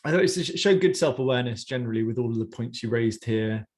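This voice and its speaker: A man's voice: mid-range voice, animated, fast talker, darkish tone. A man giving one-on-one coaching feedback on a presentation, talking in a conversational, encouraging way with many fillers.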